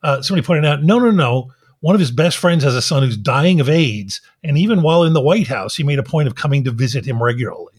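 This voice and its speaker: A man's voice: medium pitch, lively intonation, quick pace, few pauses, husky. A man co-hosting a podcast, ranting in a profane, exasperated way. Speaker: podcast co-host. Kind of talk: casual chat.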